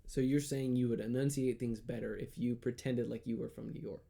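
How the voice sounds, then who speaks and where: A man with a mellow, warm voice at an ordinary middle pitch, chatting casually as co-host of a comedy podcast. He jokes around, riffs on bits and laughs easily. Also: steady tone, a little fast, vocal fry. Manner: jokey, laughs often, playful banter. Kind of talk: casual chat.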